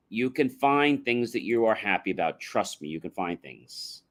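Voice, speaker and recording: A man's voice: medium pitch, very animated, moderate pace, fairly bright tone. A man giving a motivational livestream talk, addressing the audience directly and emphatically, sometimes chanting catchphrases. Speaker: motivational speaker.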